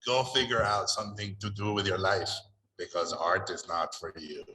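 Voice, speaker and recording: A man voicing a stern old Hungarian male art teacher with a thick accent, speaking in slow, heavy, deliberate pronouncements. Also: sits low, steady tone, sharp tone, voice pushed down, low-quality recording. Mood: scornful.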